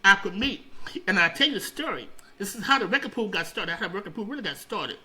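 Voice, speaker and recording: Over a crowd in the background, a middle-aged radio founder tells stories quickly in a high-pitched voice during a casual interview. He's animated and rambling, repeating words and restarting, and the recording is low quality.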